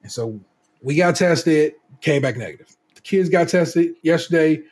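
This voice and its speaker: Male podcast co-host, husky and a touch high-pitched, swears freely and tells stories with energy. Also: normal speed. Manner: profane, animated storytelling. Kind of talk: casual chat.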